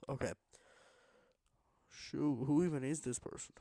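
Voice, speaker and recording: A man's voice: medium pitch, very animated, slow pace, pauses often, no echo. A man streaming a block-building game late at night, rambling to himself in a tired, casual way while he builds. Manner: rambling, self-talking, tired but pushing energy.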